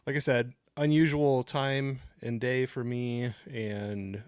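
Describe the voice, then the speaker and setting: A middle-aged man hosts a relaxed livestream from home, rambling through his thoughts, thanking viewers and reading their chat aloud. His mid-range voice is slow, clear and resonant. A new desktop microphone placed close gives a dry sound with no room echo.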